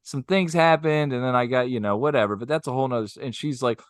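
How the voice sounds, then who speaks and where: A man tells a bar story in a relaxed podcast chat. His voice sits in the middle range and is recorded close and dry. He leans into the quoted lines with lots of energy. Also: medium pitch, fast talker, smooth, no echo.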